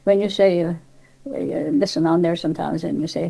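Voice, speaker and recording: A woman's voice: lowish voice, steady tone, fairly quick, vocal fry, warm tone, rough recording. An older woman from Cornwall with a Cornish accent, chatting in an interview about dialect, rambling with many restarts and asides. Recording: cassette tape.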